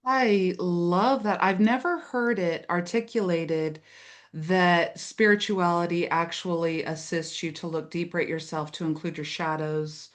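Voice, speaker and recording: A woman's voice: lowish voice, fairly even intonation, unhurried. A woman hosting a conversational interview, affirming her guest and asking loosely phrased questions. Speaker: podcast host and interviewer.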